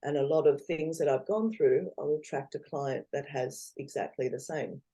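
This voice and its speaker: A woman's voice: low-pitched, normal speed. A woman, a guest in a casual interview, talking animatedly and acting out what others say. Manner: animated, acts out quoted voices, laughs often.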